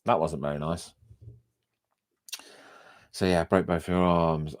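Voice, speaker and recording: A deep-voiced man chats casually with his live-stream audience. He rambles through personal anecdotes and often trips over and restarts his sentences. The sound is close and dry, with no room echo. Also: steady tone, slow, pauses often. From England. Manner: chatty, rambling anecdotes with frequent self-restarts. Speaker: livestream host reading chat.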